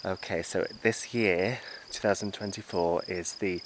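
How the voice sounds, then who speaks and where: A man presenting a walking vlog outdoors on a rural hillside, talking into a handheld camera and exclaiming often with excitement. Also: deep voice, measured pace. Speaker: travel vlogger. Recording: outdoor noise with insects chirping. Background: insects and crickets.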